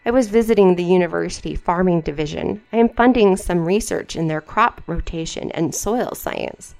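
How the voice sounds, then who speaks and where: A woman's voice: on the low side, normal speed, gravelly, darkish tone, faint music behind. A woman reading a suave, charming young man. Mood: smooth.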